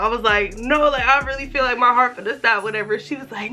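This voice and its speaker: A woman's voice: on the high side, brisk, few pauses, bright, forceful tone, faint music behind. A young adult woman vlogger telling a casual, profane storytime, acting out the voices of the people in it.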